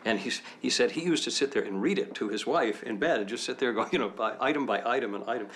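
An actor in an interview, telling an amused anecdote with plenty of fillers. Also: male voice, mid-range voice, fast talker, fairly bright tone. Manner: amused storyteller with many fillers. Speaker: actor interviewed about a sitcom.

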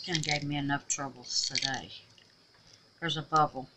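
A woman chatting to her viewers while making resin crafts, often trailing off into quiet muttered asides. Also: deep voice, fairly even intonation, moderate pace, very noisy. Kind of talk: casual crafting vlog.

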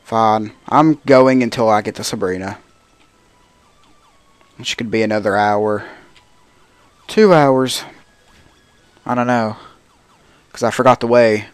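A man's voice: lowish voice, slow, pauses often, dry recording. A man giving casual gameplay commentary as a let's play host, grumbling to himself in frustration.

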